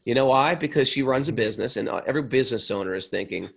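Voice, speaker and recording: A man with a gravelly, slightly husky voice leads a relaxed scripture class. He talks in an animated, joking way and now and then acts out quick little voices. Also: medium pitch. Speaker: spiritual teacher.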